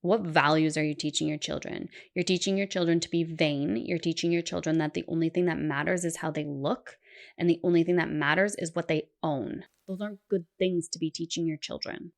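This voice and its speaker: Low gravelly-voiced woman commentator. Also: fairly even intonation, fairly quick. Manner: exasperated, sarcastic asides. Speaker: commentary youtuber. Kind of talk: casual reaction commentary.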